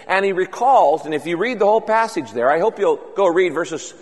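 A man with a high voice preaches a sermon in an earnest, conversational way. His voice carries a long reverb from a large church auditorium. He moves easily between teaching and quoting prayers aloud. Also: lively intonation, fairly quick, hardly any pauses. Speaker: pastor.

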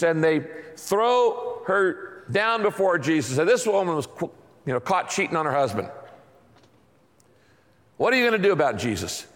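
A man preaching a sermon as pastor, telling stories in a lively way and acting out quotes. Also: fairly high pitch, long reverb tail. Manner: animated storytelling with acted-out quotes.

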